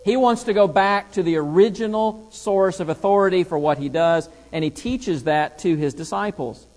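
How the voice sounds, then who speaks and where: A man's voice: high voice, normal speed, darkish tone, in a large hall. A man teaching a Bible lesson, reading scripture aloud and driving points home with rhetorical questions.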